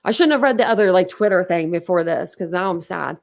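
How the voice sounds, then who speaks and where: A woman's voice: on the low side, animated, a little fast, gravelly, a little mellow. A woman hosting a casual livestream, talking emotionally and bluntly, rambling and swearing as she reacts. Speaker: livestream host.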